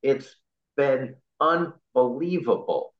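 A man's voice: mid-range voice, slow pace. A middle-aged man speaks with earnest, impassioned conviction, his voice close to choking up at times. The sound is roomy and a little dull, with an echo around him. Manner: impassioned, patriotic, choked up at times. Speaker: interview guest, party chair candidate. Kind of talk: earnest political interview.

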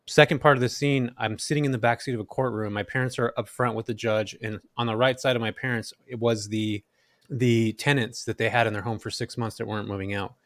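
A man in his thirties from Central Valley, California, a podcast guest telling his story in an animated way and acting out quoted lines. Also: mid-range voice, a little fast, no echo. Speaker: guest, real estate investor.

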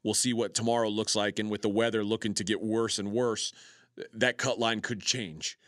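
A man's voice: fairly low pitch, steady tone, moderate pace, a bit bright, no echo. Guy co-hosting a betting show, reads off odds with lots of uhs, dry close studio sound. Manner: runs through scores and odds, many "uh" fillers. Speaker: sports betting show co-host. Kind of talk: casual sports chat.

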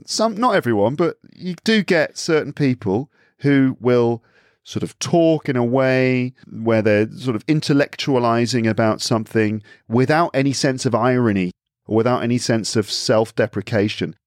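A man's voice: medium pitch, normal speed, dry recording, clean studio sound. An English man chatting casually as a podcast guest, talkative, often correcting himself mid-sentence and laughing easily. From England. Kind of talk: casual chat.

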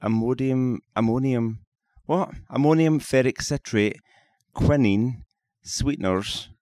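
A man's voice: medium pitch, slow pace, a little mellow, dry recording, clean studio sound. A man chatting casually as a podcast co-host, joking dryly and laughing often. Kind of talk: casual chat. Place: convention hotel room.

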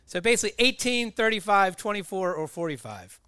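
A male co-host reading trivia questions and answer choices deliberately. His voice is high, bright and clean, recorded dry. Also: animated, dry recording. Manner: reads options slowly and clearly. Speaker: co-host running a trivia quiz. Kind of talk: quiz questions at a live show.

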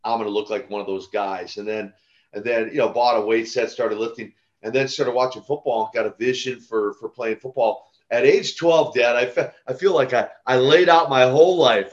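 An older man, a retired wrestler turned minister, telling stories in a casual podcast interview with lively chuckles and restarts. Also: mid-range voice, lo-fi sound. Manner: animated, chuckling, with restarts and repeated words.

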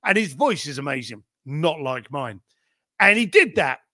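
A man's voice: on the high side, very animated, moderate pace, bright, forceful tone, dry recording, studio quality. A middle-aged man, a podcast guest, tells business stories emphatically, firing off rhetorical questions and swearing casually. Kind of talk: animated business storytelling.

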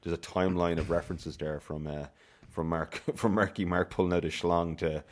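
A man co-hosting a podcast, telling rambling, animated film anecdotes full of restarts. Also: low voice, normal speed. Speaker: podcast co-host. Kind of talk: casual film chat.

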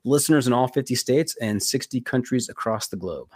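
Male podcast guest from Southern California, quick relaxed talker who clips word endings. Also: mid-range voice, no room sound, studio quality. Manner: relaxed, drops his g's. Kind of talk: casual interview answers.

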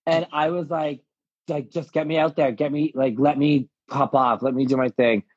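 A young adult man, a drag performer guest, telling his story with lively acted-out quotes and frequent laughs over a live video call. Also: a little high, normal speed, husky, no room sound. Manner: animated storytelling, acts out quotes, laughs often. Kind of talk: casual interview chat. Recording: dull lo-fi live-stream audio.

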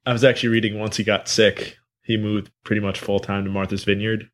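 A man with a somewhat low-pitched voice joining a casual podcast chat. He drops in dry, teasing remarks. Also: little pitch movement, a little fast. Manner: wry, teasing interjections.

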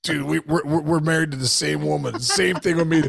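A male co-host with a slightly raised pitch, chatting loosely on a podcast. He strings stories together with lots of "dude" and "like". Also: fairly quick, gravelly, a bit bright, slightly rough. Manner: rambling storyteller, says dude a lot. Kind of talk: casual sports podcast banter.

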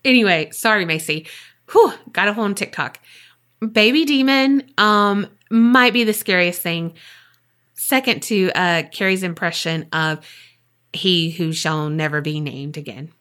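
A woman co-hosting a podcast, reading a listener's ghost story aloud and then chatting in a lively, swearing, laughing way. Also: fairly low pitch, measured pace. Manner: animated, swears freely, laughs often. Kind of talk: casual chat and reading aloud.

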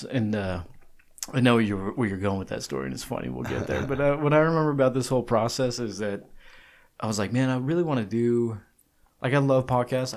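A man's voice: mid-range voice, darkish tone. A man co-hosting a podcast in casual chat, joking and enthusiastic as he talks. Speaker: podcast co-host. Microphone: studio podcast mic across a table.

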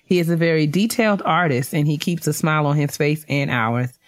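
A woman's voice: sits low, a little fast. A woman co-hosting a casual podcast, reading listener emails and congratulating graduates with easy laughter. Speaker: podcast co-host.

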